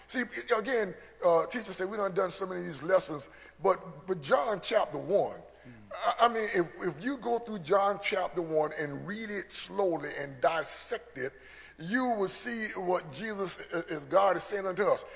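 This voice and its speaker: Gravelly high-voiced male preacher. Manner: earnest, repeats words when building a point. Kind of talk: sermon teaching. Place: church. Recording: long church hall reverb.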